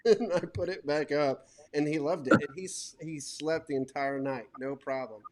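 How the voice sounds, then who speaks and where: A man in his thirties hosting a casual panel discussion, telling stories in a rambling, animated way. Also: on the high side, measured pace. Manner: rambling, animated storytelling with laughs. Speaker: host.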